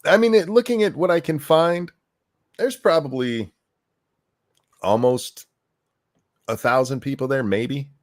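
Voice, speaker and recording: A man hosting a casual political chat, animated and sarcastic. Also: mid-range voice, unhurried, long pauses. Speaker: host.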